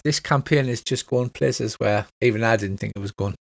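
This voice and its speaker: A man's voice: on the low side, moderate pace, vocal fry, no room sound. A man, narrating a tabletop game as game master in a jokey, upbeat way.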